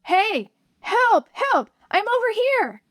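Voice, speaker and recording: A young boy in a children's storybook reading, shouting with fear and excitement, as a woman reads his lines. The voice sits a bit high. It is recorded dry and close. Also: moderate pace, no echo, lightly acted. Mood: frightened. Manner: excited shouts and frightened cries for help. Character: young boy, impulsive and then scared.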